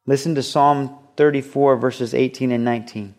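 A man's voice: medium pitch, fairly even intonation, moderate pace, hardly any pauses, darkish tone. Earnest male pastor preaching conversationally. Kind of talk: sermon.

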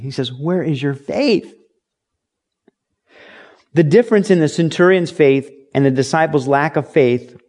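A middle-aged pastor preaches a sermon conversationally, acting out quoted lines and reading scripture aloud. His voice is medium-pitched with a darkish tone.

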